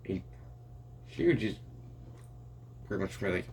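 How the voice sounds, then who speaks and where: A man's voice: lowish voice, a little fast, long pauses, darkish tone, slight background noise. A young man improvising a rambling fan story aloud, full of restarts and "and he's like" asides. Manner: rambling, many restarts and "and it's like".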